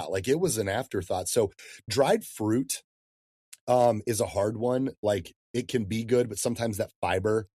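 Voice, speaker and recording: A lively man in his thirties talks shop as a fitness coach on a podcast, easygoing and full of slang like dude and man. His voice sits a little low. The sound is dry and close. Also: moderate pace, breathy edge, dry recording. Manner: animated, slangy, says "dude" and "man" often. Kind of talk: casual podcast interview.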